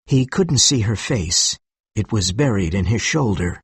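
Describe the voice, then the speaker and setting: Husky male story narrator. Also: fairly low pitch, expressive, unhurried, no room sound. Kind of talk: scripted story narration for learners.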